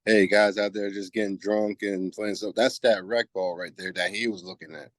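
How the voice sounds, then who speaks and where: A man's voice: lowish voice, steady tone, moderate pace, no echo. A man in his forties from New Jersey, a guest on a podcast, speaking in a laid-back, reflective way and often saying "you know what I mean". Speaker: guest softball player. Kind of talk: casual interview chat.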